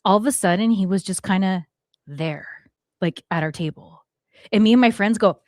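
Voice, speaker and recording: A woman in her forties hosting a talk show, telling a story in a lively way and acting out what people said. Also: medium pitch, normal speed, no echo, studio quality. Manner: animated, acts out quotes, swears it is true. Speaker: podcast host. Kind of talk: storytelling chat.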